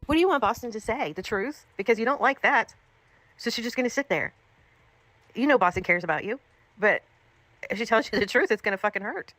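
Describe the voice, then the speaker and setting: A woman's voice: a little high, lively intonation, brisk, pauses often, fairly bright tone, no echo. A woman livestreamer scolding someone in a profane, repetitive, angry rant.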